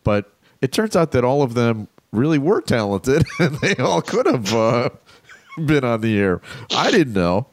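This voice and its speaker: A man's voice: mid-range voice, very animated, measured pace, dry recording. A man co-hosting a podcast, chatting casually and joking with loose, trailing sentences. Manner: laid-back, joking, trailing off. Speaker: podcast co-host. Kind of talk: casual chat.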